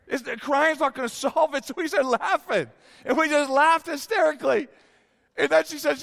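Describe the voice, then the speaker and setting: Male pastor in his 50s, high voice, sermon with long hall reverb, candid storytelling. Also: fairly even intonation, normal speed, gravelly. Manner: candid storytelling, swings from hushed to exclaiming.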